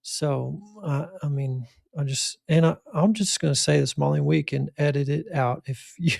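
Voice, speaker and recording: A man hosts the talk in a folksy, encouraging, almost preacherly tone. His voice is raised and heavily gravelly with vocal fry. The sound is dry and close. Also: a little high, moderate pace, a little mellow, dry recording. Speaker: podcast host, physician. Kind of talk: faith-centered podcast conversation.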